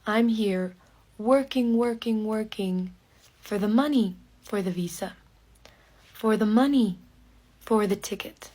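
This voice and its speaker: A woman telling a personal story in a slow podcast for learners, in short phrases with pauses and some words whispered. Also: medium pitch, darkish tone. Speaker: podcast speaker.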